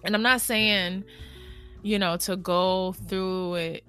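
A woman's voice: mid-range voice, steady tone, slow pace, fairly bright tone, clear, resonant tone, faint music behind. A woman hosting a podcast in a casual, chatty monologue, laughing often and drawing out her fillers. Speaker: podcast host and healer.

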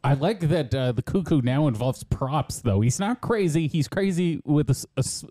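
Male co-host, mellow mid-range voice, wry and amused reacting to a clip, dry close mic. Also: on the high side, lively intonation, moderate pace, dry recording. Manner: wry, amused, often laughing. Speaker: podcast co-host. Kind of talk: casual reaction commentary.

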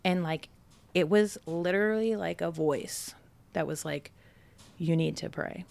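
Fairly low in pitch with vocal fry and a slightly mellow quality, she speaks at a measured pace. The podcast guest from Brockton, Massachusetts relates a personal story informally, peppered with "like" and quoted dialogue.

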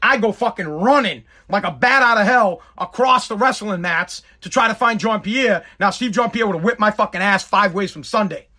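A man's voice: sits high, moderate pace, few pauses, sharp tone. A middle-aged man telling a personal story in a rambling, emphatic way, full of swearing. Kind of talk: casual storytelling monologue.

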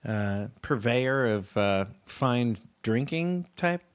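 A man's voice: mid-range voice, animated, slow, clear, resonant tone. A man hosting a comedy talk show, rambling through absurd, mock-serious chatter with his guest. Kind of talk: deadpan comedic interview chat.

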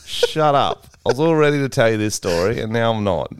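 Laid-back young Australian man, smooth voice. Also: mid-range voice, expressive, quick pace, no echo, studio quality. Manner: laid-back storyteller, swears freely, laughs often. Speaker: podcast co-host. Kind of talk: casual chat.

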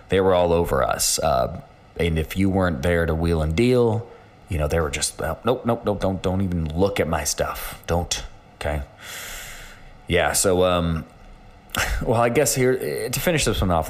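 A man with a low, deep voice hosts a solo podcast episode. He talks loosely and off the cuff, filling gaps with ums and uhs and restarting his sentences as he goes. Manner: rambling, with many fillers and restarts. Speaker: podcast host. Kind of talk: casual solo podcast chat.

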